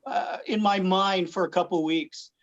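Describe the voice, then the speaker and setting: A man's voice: sits high, steady tone, a little slow. Guest comics artist, male, rambling casual storyteller, muffled lo-fi call audio. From Philippines. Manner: rambling, many fillers and restarts. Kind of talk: casual livestream chat. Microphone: video call.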